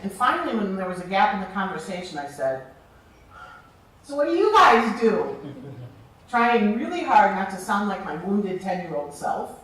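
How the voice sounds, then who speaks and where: Woman speaker telling a story on stage, expressive, with long pauses; heard from a distance in a big echoing hall. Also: medium pitch. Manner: expressive, slow and deliberate with dramatic pauses. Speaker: keynote speaker. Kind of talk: storytelling speech to an audience. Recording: very echoey hall, distant mic.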